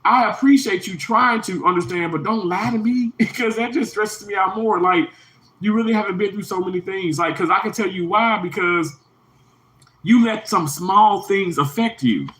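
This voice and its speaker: Speaking at normal speed with a slightly bright voice, this livestream host pours his heart out to viewers in a rambling way, and the recording is rough. He says things more than once, and his voice leaps upward whenever he stresses a point.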